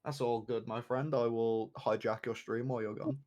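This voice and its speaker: Man, casual watch-party chat, rambling, lots of fillers, mid pitch. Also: steady tone, normal speed, a little mellow, muffled recording. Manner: rambling, many fillers and restarts.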